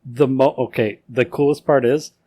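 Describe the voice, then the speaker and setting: A man's voice: medium pitch, fairly even intonation, moderate pace, dark tone. A man co-hosting a casual podcast, telling a history story in a rambling way with lots of filler words and swearing. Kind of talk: casual drinking-game podcast chat.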